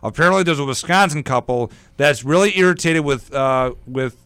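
A man's voice: a little high, brisk, a bit bright, clear, resonant tone, dry recording. A man hosting a casual, jokey news chat on a radio show, rambling between stories. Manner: rambling, jokey, breaks into mock singing.

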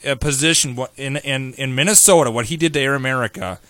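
A man hosting a talk radio show, brash and sarcastic in quick banter with his co-host. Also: medium pitch, a bit bright, dry recording. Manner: brash, sarcastic, rapid-fire. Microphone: studio microphone.

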